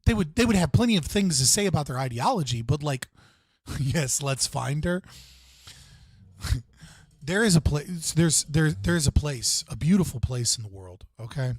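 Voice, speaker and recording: A man's voice: a little high, animated, normal speed, slightly rough, dry recording, clean studio sound. A man hosting a live stream, casually reacting to clips in a rambling way with lots of fillers and frequent laughs.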